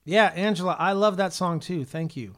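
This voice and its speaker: Chatty upbeat man, slightly high voice. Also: normal speed, a bit bright. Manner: upbeat, chatty, full of ums and uhs. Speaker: worship leader and musician hosting a livestream. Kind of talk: casual livestream chat.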